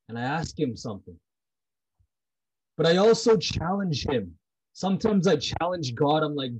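A man's voice: fairly high pitch, expressive, normal speed, darkish tone, breathy edge, low-quality recording. A man talking about prayer in a heartfelt, personal way. He is intense and blunt, repeats himself, and swears freely.

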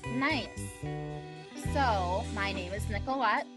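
A young woman from hosting a podcast in a casual, chatty way, her voice raspy from allergies and full of fillers. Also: medium pitch, slow pace. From Ohio, USA. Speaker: podcast host. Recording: dry with faint background music.

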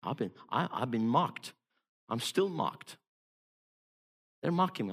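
Emphatic male preacher, hushed to loud. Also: medium pitch, big pitch swings, slow pace, long pauses. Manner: emphatic, swings between hushed storytelling and loud exhortation. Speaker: evangelist preacher. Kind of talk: sermon.

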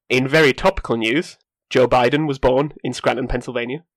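A man's voice: medium pitch, a little slow, no room sound. A man hosting a casual film podcast, joking wryly and laughing through his lines. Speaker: podcast host presenting news segment.

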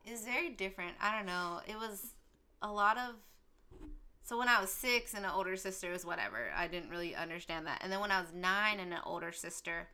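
A woman's voice: medium pitch, brisk, bright, forceful tone, clean tone. A young woman in casual chat, recalling growing up with siblings and hesitating often.

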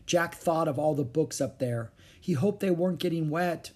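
A man reading a children's chapter book aloud with expressive, varied intonation. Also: on the high side, normal speed, slightly rough. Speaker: audiobook narrator.

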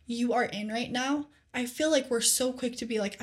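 A young woman co-hosting a faith podcast, telling scripture stories in an earnest, animated casual way with lots of "like.". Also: fairly high pitch, moderate pace. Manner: earnest, animated storytelling with many "like"s. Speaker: podcast co-host.

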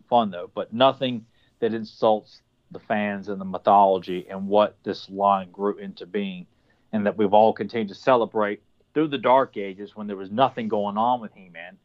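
A man with a fairly low voice talks loosely and sarcastically on a podcast, swearing freely as he vents about toy lines. The audio is dull and lo-fi. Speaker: podcast co-host. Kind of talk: casual podcast chat.

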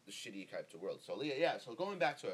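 Speaking close into a podcast mic, a young Northern Californian hosts his own show in a rambling, profane, laid-back solo monologue packed with fillers. His medium-pitched voice is slightly rough, fast and sing-song.

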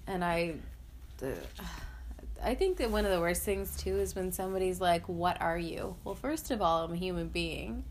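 A woman's voice: lowish voice, normal speed, a little mellow, a little hiss or hum. A woman in casual conversation, speaking earnestly and leaning on "like" as a filler. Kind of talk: casual chat.

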